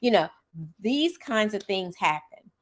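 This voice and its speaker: A woman's voice: deep voice, measured pace. A middle-aged woman who teaches, hosting a podcast in a casual monologue. She speaks earnestly and with emphasis, checking in with the listener with a frequent "okay?".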